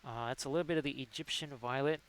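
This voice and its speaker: A man's voice: mid-range voice, fast talker, clean tone, rough recording. A man hosting a casual livestream who rambles and reads chat messages aloud. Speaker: livestream host. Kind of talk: casual chat while painting.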